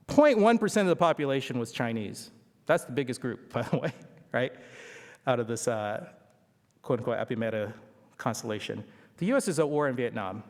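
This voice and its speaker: A man giving a conversational history lecture at a symposium, often asking the audience rhetorical questions. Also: mid-range voice. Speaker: symposium speaker. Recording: long hall reverb.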